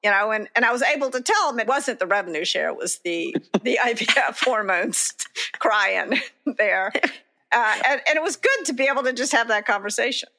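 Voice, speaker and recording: A woman's voice: on the high side, animated, normal speed, sharp tone. A woman co-hosting a podcast, telling a candid personal story in a reflective, conversational way, laughing at herself now and then. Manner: candid, self-deprecating, laughs while telling stories. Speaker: podcast co-host.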